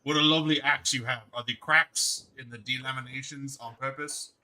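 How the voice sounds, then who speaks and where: Bright, eager lizardfolk messenger in a tabletop role-play, cheerful and fawning, voiced by a man. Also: medium pitch, steady tone, a little fast, poor audio.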